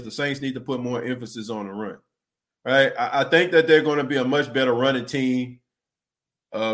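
A podcast host with an ordinary mid-pitched voice runs a relaxed sports show. He talks loosely, repeating words and dropping in "you know" and "man." Every so often he pauses to read out listener comments and respond.

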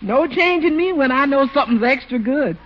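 An actress playing a contented housekeeper in a 1940s radio commercial, with a husky, breathy voice. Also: female voice, high voice, expressive, brisk. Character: homely, contented female housekeeper. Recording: dull 1940s radio recording.

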